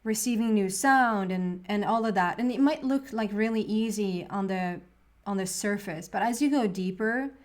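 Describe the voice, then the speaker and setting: A woman's voice: mid-range voice, normal speed. A woman giving a casual tarot reading to camera, rambling and earnest, with lots of fillers and restarts, and openly emotional at times. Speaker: tarot reader.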